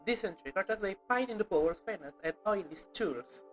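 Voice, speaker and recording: A woman's voice: medium pitch, animated, a little fast, faint music behind, low-quality recording. Chatty woman streaming a game. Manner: chatty, giggly, talks to chat as lads. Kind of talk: casual gameplay commentary.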